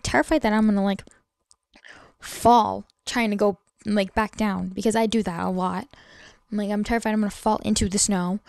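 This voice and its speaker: A woman's voice: medium pitch, darkish tone, dry recording, studio quality. A young woman hosting a podcast alone, rambling in casual chat, full of "like" fillers and swearing. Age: young adult. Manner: rambling, heavy "like" filler, swears freely, exasperated. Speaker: podcast host.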